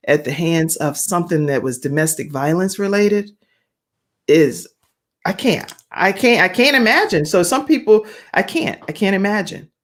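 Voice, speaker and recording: A woman hosting an online talk show, emphatic, often repeating herself and humming agreement. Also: fairly low pitch. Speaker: host. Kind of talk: casual chat on a livestream. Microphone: video call.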